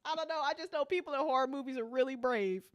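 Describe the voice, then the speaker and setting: A woman hosting a casual podcast chat, giggling a lot and swearing in a relaxed way. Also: high voice, quick pace. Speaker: podcast host.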